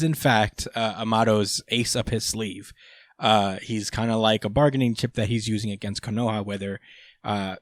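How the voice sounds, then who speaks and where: A man's voice: on the low side, no echo, studio quality. A young man hosting a podcast, recapping a chapter in rambling casual chat with many fillers and casual swearing. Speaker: podcast host.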